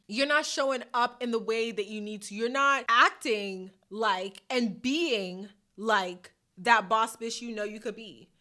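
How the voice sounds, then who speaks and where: A woman's voice: fairly high pitch, bright, forceful tone. A woman hosting a motivational podcast to camera, chatty and playful with sassy slang, laughing often. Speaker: podcast host. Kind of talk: casual motivational talk to camera. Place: hot room at home. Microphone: camera mic.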